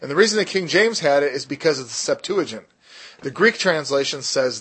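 A man with a somewhat high, husky voice teaches a casual Bible study. He explains with emphatic bursts, drawing out key words slowly, and drops in jokey, self-deprecating asides. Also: expressive, fairly bright tone.

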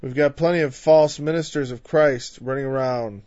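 A man preaching a conversational Bible-teaching sermon. He is emphatic, builds louder through lists and drops in frequent "you know" asides. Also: mid-range voice, moderate pace, no echo. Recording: dull, dry lo-fi recording.

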